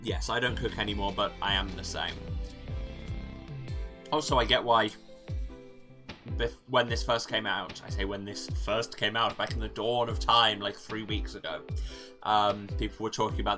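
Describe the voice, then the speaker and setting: A let's play host chatting casually over a game, self-mocking and quick to joke. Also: mid-range voice, steady tone, pushed and bright, soft background music.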